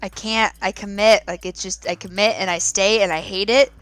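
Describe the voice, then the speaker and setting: A woman in her thirties, a podcast co-host, chatting casually and telling stories with lively laughs. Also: mid-range voice, normal speed, faint music behind. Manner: animated storytelling with laughs. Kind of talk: casual chat.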